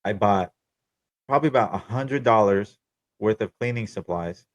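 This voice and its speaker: Young man, low voice, dry close sound, casual swearing storyteller. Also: normal speed, dry recording, dull audio. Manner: profane, candid, wry. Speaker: podcast host telling his own story.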